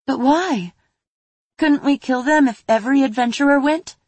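A woman's voice: high-pitched, normal speed, darkish tone, no echo, pitched above the performer's own voice, close to an everyday voice. A woman voicing a curious, timid little girl full of questions. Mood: curious, anxious. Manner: eager, questioning.

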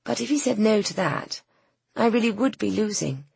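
A woman voicing a pampered, spoiled young woman in an audiobook, breathy and pouty. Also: medium pitch, animated, normal speed, darkish tone, no echo, voice pushed up, full character voice. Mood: petulant. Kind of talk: audiobook character voice.

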